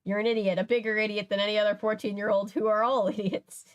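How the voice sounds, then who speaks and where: A woman's voice: mid-range voice, level tone, fast talker, highs cut off. A young woman reading a novel aloud, breaking in with sassy, laughing commentary. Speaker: channel host reading a book aloud.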